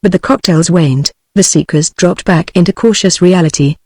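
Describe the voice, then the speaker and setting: A text-to-speech woman's voice with a British English accent, reading a novel aloud in an even, measured way. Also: fairly low pitch, no echo. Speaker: audiobook narrator.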